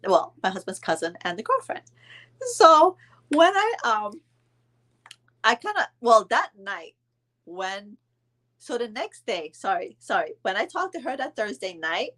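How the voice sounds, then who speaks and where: Middle-aged woman, casual storytime vlogger, lively pitch swings, indignant and chatty. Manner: animated, indignant retelling with quoted dialogue and mild cursing.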